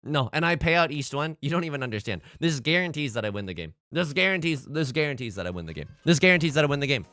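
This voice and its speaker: A man's voice: medium pitch, lively intonation, fast talker, few pauses, pushed and bright, soft background music. A young man commentating his own game in a sarcastic, self-mocking way, with sudden theatrical outbursts. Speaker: let's play host.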